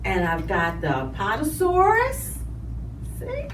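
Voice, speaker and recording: A woman hosting children's storytime in a library. She speaks to small children in an animated way and draws out her words. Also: medium pitch, takes it slowly, slight background noise. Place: library room. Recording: roomy, distant mic.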